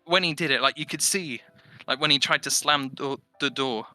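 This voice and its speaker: A young man with an English accent, a podcast guest telling stories in casual chat, animated and swearing freely. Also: medium pitch, moderate pace, no room sound. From England.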